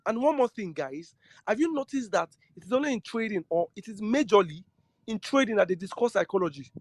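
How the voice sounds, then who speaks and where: A trading teacher lectures students on trading psychology in a high-pitched, lively voice, speaking a little fast. He is earnest, repeats himself often, and keeps posing questions to his listeners. The recording has no room sound.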